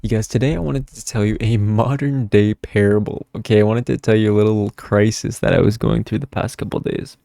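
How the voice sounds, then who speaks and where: A man's voice: on the low side, steady tone, brisk, vocal fry, few pauses, mellow, no echo, studio quality. A young man telling a story to camera in casual vlog chat, swearing freely and tagging lines with "okay?". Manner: chatty, swears a lot, keeps adding "okay?". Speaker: tarot vlogger.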